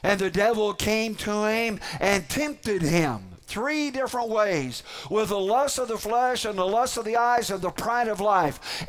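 High-voiced man preaching with emphatic pauses. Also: a bit bright. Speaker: pastor. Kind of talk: sermon.

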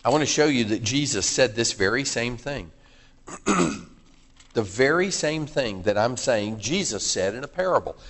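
A man's voice: mid-range voice, animated, normal speed, a bit bright. A man preaching a sermon in a conversational, emphatic way, putting questions to his listeners. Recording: long hall reverb.

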